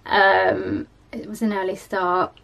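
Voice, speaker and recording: A young woman talks casually to her vlog audience. She sounds tired and sluggish, and her speech wanders with lots of fillers. Her pitch sits in the middle for a woman. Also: level tone, takes it slowly, gravelly, a bit bright. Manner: chatty, rambling, lots of ums and likes. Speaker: vlogger. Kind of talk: casual chat.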